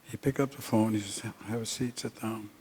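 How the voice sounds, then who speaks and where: An older man recounting a personal story in a speech, unhurried and halting with many pauses. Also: fairly low pitch, fairly even intonation, a little mellow, slight background noise. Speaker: speaker at an honoring event.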